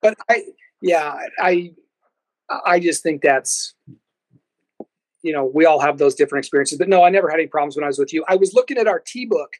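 Animated, higher-voiced man telling stories. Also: brisk, dry recording, rough recording. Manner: animated storyteller who laughs often. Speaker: podcast guest. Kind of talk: casual storytelling chat.

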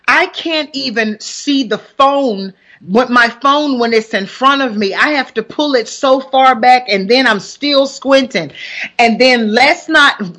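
A woman in her forties from Alabama with a Southern country accent, hosting a live broadcast in a chatty, upbeat way. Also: fairly high pitch. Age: 40s. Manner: chatty, warm greetings to listeners, upbeat. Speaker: host and pastor. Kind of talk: casual live broadcast chat.

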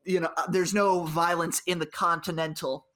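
A man calmly telling an improvised story in casual chat, with many "you know"s. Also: a little high, normal speed.

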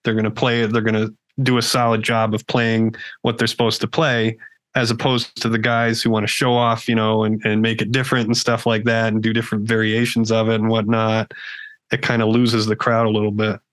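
Easygoing man, low voice, dry sound. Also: fairly quick, no echo. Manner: relaxed, easygoing, thinks aloud. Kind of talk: casual chat.

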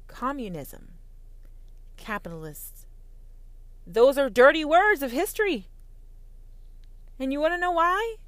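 A Southern American woman rants in a heated, sarcastic monologue, swearing freely and mocking the people she argues against. Her voice sits a little high. The recording is dry and close, with no room sound. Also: bright, forceful tone, no room sound. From Southern United States. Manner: profane, heated and sarcastic, mocking imagined opponents. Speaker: podcast host. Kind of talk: impassioned monologue.

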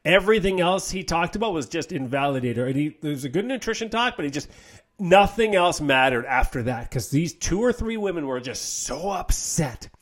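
Lively, blunt, swearing man ranting. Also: fairly high pitch, normal speed. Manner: blunt, profane, mocking. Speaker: health coach and podcast host. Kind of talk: casual podcast rant.

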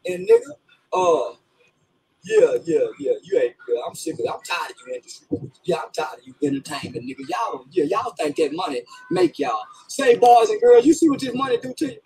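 A man's voice: sits high, huge pitch swings, fairly quick, creaky, darkish tone, low-quality recording. A man ranting profanely and comically, laughing and half-crying through his words. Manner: rants, laughing as he talks. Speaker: commentator in a played clip.

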